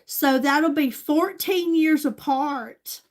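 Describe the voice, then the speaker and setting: A woman's voice: sits high, slow. An older woman, a grandmother chatting casually with her livestream viewers in a gushing way. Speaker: livestream host.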